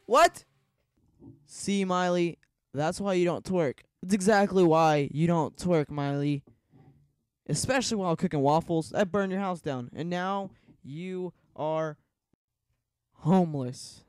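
Male game commentator, high bouncy voice, dry close mic, jokey and excitable, faint music behind. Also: a little slow, smooth, no room sound. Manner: joking, grows frantic and yelling. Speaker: gaming commentator.

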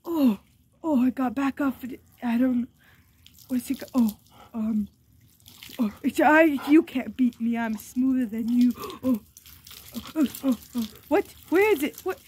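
A woman voicing a playful, boastful pet dog battling water, speaking in excited, stammering baby-talk for a home video. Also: high-pitched, measured pace, long pauses, slightly rough, exaggerated voice.

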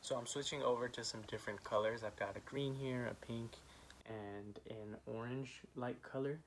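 A man giving a children's art lesson, gently encouraging and talking with many "um" fillers while he draws. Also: mid-range voice, steady tone, normal speed, a little hiss or hum. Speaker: art teacher.

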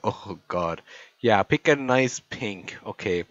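A man's voice: lowish voice, animated, slow, a bit bright, no room sound, muffled recording. A young Irish man giving joking voiceover commentary on a makeup video, teasing and mock-exasperated. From Ireland.

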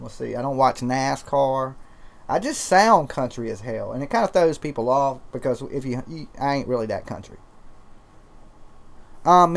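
Twangy Southern man, gravelly voice. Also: medium pitch. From Georgia, US. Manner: loose, profane, rambling. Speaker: livestream host. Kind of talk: casual livestream chat.

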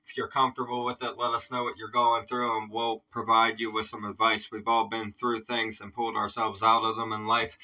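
Brief: male reaction host, very bright tone, laid-back casual chatter, sitting a bit off the mic. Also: medium pitch, recorded from a distance, low-quality recording.

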